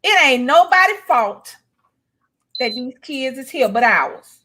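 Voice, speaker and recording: High-voiced blunt woman telling stories. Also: lively intonation, slow, pushed and bright. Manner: blunt, profane storytelling with laughs. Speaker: co-host. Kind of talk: casual chat.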